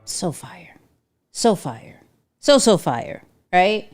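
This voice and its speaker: A woman's voice: on the low side, very animated, extremely slow, loud music behind the voice. A woman hosting a casual livestream, chatting to viewers, reading out their comments and tagging sentences with "right?". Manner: reads chat aloud, repeats herself, many "right?" tags. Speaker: livestream host. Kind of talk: casual interactive livestream chat.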